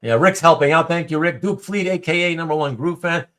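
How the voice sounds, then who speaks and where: A man hosting a casual livestream chat, reading viewer comments aloud, with animated speech and stumbling restarts. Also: on the high side, a little fast. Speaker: host.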